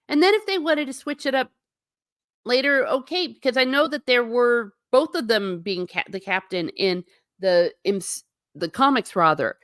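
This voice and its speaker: A woman hosting a casual livestream, reading out viewer comments and answering them in an animated, sarcastic way with blunt asides. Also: fairly high pitch, moderate pace, dry recording, clean studio sound. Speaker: host.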